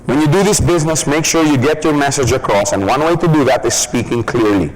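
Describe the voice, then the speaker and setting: Man, business trainer, mid-pitched, casual, laughs often, acts out examples, faint background hum. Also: a little fast, rough recording. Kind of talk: training seminar talk.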